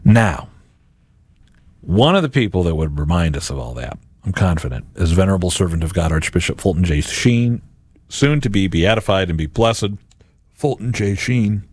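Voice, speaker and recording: A man's voice: sits low, moderate pace, no room sound. A man hosting a Catholic radio and podcast show, giving a homily-like reflection and acting out imagined voices. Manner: animated, acts out imagined voices.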